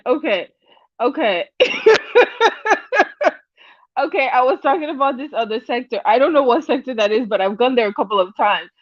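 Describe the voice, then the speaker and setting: A woman hosts a casual livestream from home, reading the chat and talking back to it. Her voice sits a bit high, and she rambles, restarts her sentences and keeps breaking into giggles. The sound is dull and dry, like a built-in device mic. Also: no echo.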